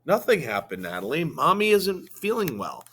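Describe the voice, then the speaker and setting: A male teacher voicing a worried, gentle father who soothes his daughter, in a raised voice. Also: a little high, huge pitch swings, normal speed, slightly rough, pitched above the performer's own voice, heavily acted. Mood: soothing. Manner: soothing, pleading.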